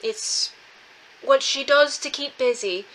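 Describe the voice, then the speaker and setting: A woman speaks high and bright, taking her time as she plays her character in a tabletop role-playing game. She hesitates, restarts her sentences and laughs easily. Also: takes it slowly, a little hiss or hum, poor audio. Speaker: tabletop player voicing a princess.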